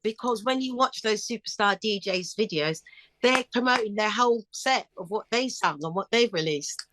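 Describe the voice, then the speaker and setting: A woman's voice: mid-range voice, moderate pace, noisy background. A middle-aged woman talking as a guest in a casual interview, chirpy and upbeat, telling stories with animation. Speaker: guest singer.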